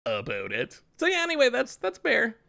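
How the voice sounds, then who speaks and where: A man's voice: extremely high pitch, huge pitch swings, normal speed, gravelly, sharp tone. A man casually commentating his card game on a live stream, chatty, laughing often and repeating himself as he talks.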